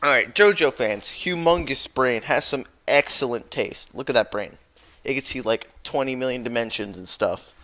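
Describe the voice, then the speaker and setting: A man's voice: medium pitch, pushed and bright. A man who jokingly recaps a story as a YouTuber, rambling and correcting himself as he goes. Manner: rambling, playful, self-correcting.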